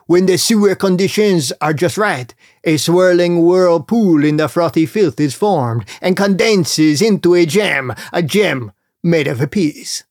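A man's voice: a little high, expressive, darkish tone, dry recording, studio quality. A man voicing a fussy male cockroach shopkeeper with a French-Canadian accent, given to angry screaming, in a comic storybook. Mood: salesy. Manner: salesy, quick to scream in anger.

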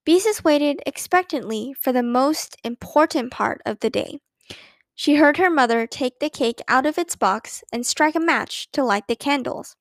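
A woman reads a children's chapter book aloud with warm, expressive storytelling. Her voice sits high, and the recording is dry and close with no room sound. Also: moderate pace, dry recording. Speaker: narrator. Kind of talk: children's audiobook narration.

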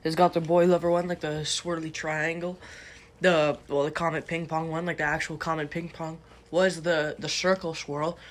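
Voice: mid-range voice, little pitch movement, moderate pace. A young podcast co-host chatting casually, rambling and swearing a lot. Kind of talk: casual chat.

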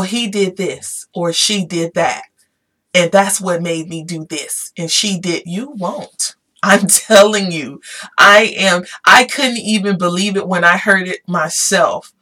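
Woman hyping up her viewers, repeats herself a lot, emphatic and a bit emotional. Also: on the low side. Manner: animated, repetitive, emphatic, Southern-style "y'all"; becomes emotional at times. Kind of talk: casual motivational talk to viewers.

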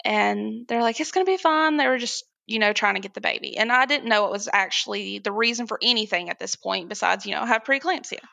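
Gravelly, bright-voiced young woman storyteller. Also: medium pitch, fast talker, hardly any pauses, dry recording. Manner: animated, laughs often while telling, acts out quoted voices. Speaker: guest. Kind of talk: candid personal storytelling.

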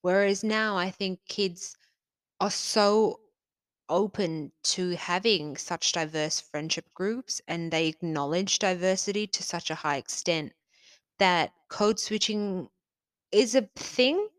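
A woman's voice: on the low side, slow pace, smooth, no echo. A woman co-hosting a podcast, from South Africa, talking through her thoughts in a casual, reflective way with fillers. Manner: reflective, talks in long run-on thoughts with fillers. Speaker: podcast co-host.

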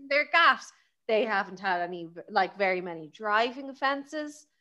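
A woman's voice: medium pitch, expressive, moderate pace, sharp tone, dull audio. A young Irish woman co-hosting a podcast, bantering wryly with teasing jokes and swearing. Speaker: podcast co-host. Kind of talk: casual chat.

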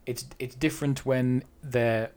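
A man co-hosting a casual discussion, weighing both sides of a question in a measured way. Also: medium pitch, fairly even intonation, darkish tone, clear, resonant tone. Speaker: podcast co-host.

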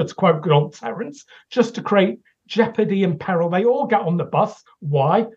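A man's voice: high-pitched, lively intonation, moderate pace, few pauses, darkish tone, breathy edge. A man co-hosting a podcast, ranting and swearing in an exasperated critique. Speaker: podcast co-host. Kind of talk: casual critical discussion. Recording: dull lo-fi recording.

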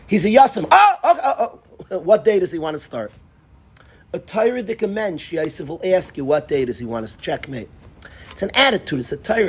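A rabbi giving an informal Torah lesson to his students, a man with a fairly high, husky voice. He talks animatedly, acting out small exchanges, calling on students by name and repeating key words for emphasis. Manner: animated, acts out little dialogues and calls on students by name. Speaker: yeshiva rabbi teaching students.

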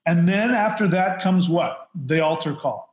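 Man, podcast guest, emphatic storyteller, slightly high voice, echoey lo-fi recording. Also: expressive, measured pace. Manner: emphatic, mocks preachers in put-on voices. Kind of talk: casual podcast conversation. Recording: roomy, dull lo-fi sound.

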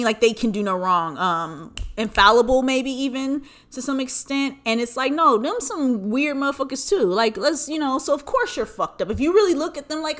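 A woman's voice: mid-range voice, a bit bright. A young woman hosting her own podcast, talking casually and candidly with lots of profanity and joking asides. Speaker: podcast host. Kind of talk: casual solo podcast monologue.

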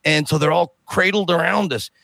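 Lively, high-voiced man telling a story. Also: normal speed, vocal fry, no echo. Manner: lively, acts out other people's lines while telling. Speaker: guest storyteller. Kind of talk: animated anecdote telling.

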